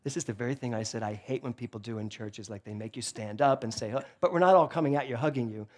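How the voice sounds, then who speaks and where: A male minister delivering a sermon in a church, telling humorous stories in an animated, joking way into a handheld microphone. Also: mid-range voice, fast. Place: church sanctuary before a congregation.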